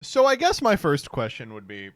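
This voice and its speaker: A man's voice: a little high, wildly swooping pitch, normal speed, fairly bright tone, no echo, studio quality. A young man streaming, giving sardonic, incredulous reaction commentary with laughing asides.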